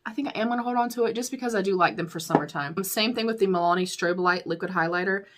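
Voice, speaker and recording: A young American beauty YouTuber, speaking quickly in a mid-range voice, goes candidly through a makeup declutter. Her casual, chatty product review has her calling viewers y'all and laughing often.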